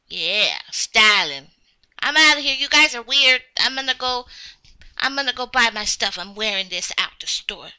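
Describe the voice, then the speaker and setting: A woman playing a child in a game role-play, talking in a whiny, excitable, childlike way. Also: on the high side, normal speed, clear, resonant tone. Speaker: game video creator.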